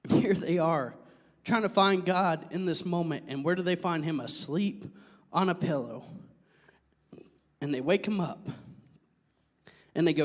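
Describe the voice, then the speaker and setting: Young male pastor, high voice, lively sermon with asides to the room, long reverb of the church hall. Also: unhurried, pauses often. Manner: animated, joking with the congregation, drops to a near whisper.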